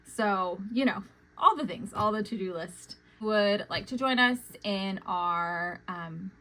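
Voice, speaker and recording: A young adult woman, chatting casually about her cross-stitch projects, with lots of "um" fillers and quick, self-conscious talk. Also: medium pitch, sharp tone, a little hiss or hum, rough recording. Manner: chatty, many "um" fillers, says she talks fast. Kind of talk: casual chat.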